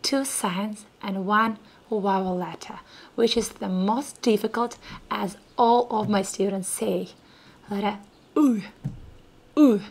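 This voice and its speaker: Woman teacher, soft-spoken, slow, breathy, patient, half-whispered at times. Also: medium pitch, steady tone. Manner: soft, unhurried, slips into whispers; patient, repeats sounds slowly for learners. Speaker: language teacher. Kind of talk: softly spoken lesson.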